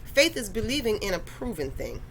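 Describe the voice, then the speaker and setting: A woman's voice: mid-range voice, big pitch swings, moderate pace, vocal fry, slight background noise, poor audio. A woman hosting a faith talk, addressing listeners directly in a conversational, preachy way. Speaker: podcast host.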